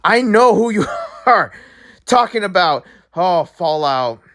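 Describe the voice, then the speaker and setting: A young man who makes gaming videos, talking straight to his viewers in a casual, excitable rant. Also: high voice, a little slow. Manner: animated, excitable, talks to viewers directly. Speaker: gaming YouTuber.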